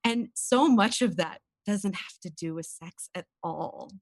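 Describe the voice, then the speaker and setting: Speaking a little slowly in a medium-pitched voice, a woman shares her personal experiences as a podcast guest, open and earnest and at times tearful. It's candid interview talk on a dry recording.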